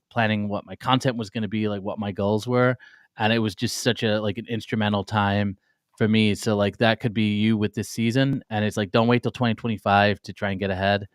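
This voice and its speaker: A man from England co-hosting a morning talk show in a relaxed, chatty way with plenty of fillers. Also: lowish voice, clean tone, dry recording, clean studio sound. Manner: laid-back, chatty, lots of fillers. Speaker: co-host. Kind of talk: casual chat.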